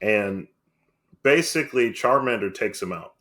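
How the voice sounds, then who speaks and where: Low-voiced man musing in casual chat. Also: expressive, unhurried, sharp tone. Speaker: podcast co-host.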